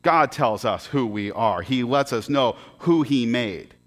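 A man preaching as a pastor, telling a story in a conversational, halting way with many restarts. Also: medium pitch, expressive. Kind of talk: storytelling sermon.

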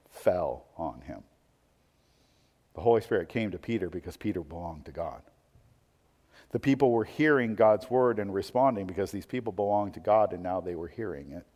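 Preaching man in a reverberant hall. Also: fairly low pitch. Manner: swings from quiet musing to loud, emphatic preaching; asks rhetorical questions. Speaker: pastor. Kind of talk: sermon.

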